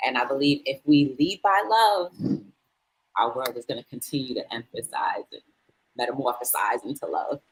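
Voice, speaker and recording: A woman guest and clothing vendor, answering interview questions in a soft-spoken, reflective way with fillers. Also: a bass voice, normal speed, a little hiss or hum, poor audio.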